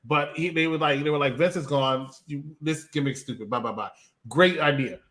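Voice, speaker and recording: Male co-host, somewhat high, bright voice, sarcastic review banter. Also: normal speed. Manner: mocking, does exaggerated quoted voices. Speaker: podcast co-host. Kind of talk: casual wrestling review chat.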